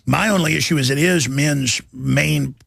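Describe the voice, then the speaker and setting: A man's voice: a little high, measured pace, gravelly, a bit bright, no echo, studio quality. A man hosting a talk show, ranting emphatically and repeating words as he builds his point. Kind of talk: heated talk radio chat.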